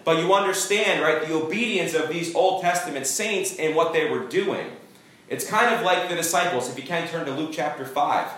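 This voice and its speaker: A man's voice: on the high side, moderate pace, fairly bright tone. A man preaching a sermon as pastor, emphatic, with call-and-response to the congregation. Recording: echoey church room, distant mic.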